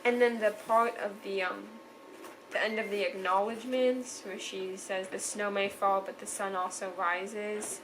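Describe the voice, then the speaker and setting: A woman's voice: mid-range voice, steady tone, measured pace, background noise. A young woman casually reviewing a novel she loved, chatty and gushing, often trailing off and restarting her sentences. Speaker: book reviewer. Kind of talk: casual book review vlog.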